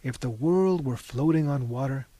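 A man's voice: medium pitch, moderate pace, dark tone, no echo, lightly acted. A man narrating and voicing a laid-back young man with an easygoing, musing way of talking.

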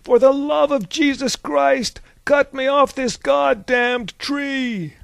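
A man voicing a weary sea captain who answers questions with calm, enigmatic replies, in an audiobook reading. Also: mid-range voice, a little slow, slightly rough, no echo, studio quality. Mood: exasperated.

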